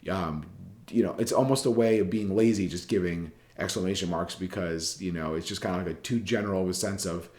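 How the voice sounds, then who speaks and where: Low-voiced man lecturing casually. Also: brisk, a little mellow, echoey room. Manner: casual, rambling, with frequent fillers and restarts. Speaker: journalism writing instructor. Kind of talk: recorded lecture giving class feedback.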